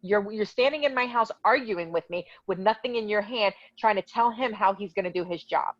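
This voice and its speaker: A woman's voice: mid-range voice, brisk, no echo, lo-fi sound. Indignant woman telling her story. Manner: heated, indignant retelling with quoted dialogue. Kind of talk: casual storytelling interview.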